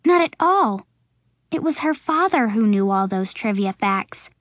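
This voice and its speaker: A woman reading a children's storybook aloud, slow and expressive, putting on voices for the characters. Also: mid-range voice, no room sound, clean studio sound. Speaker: audiobook narrator. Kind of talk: storybook narration.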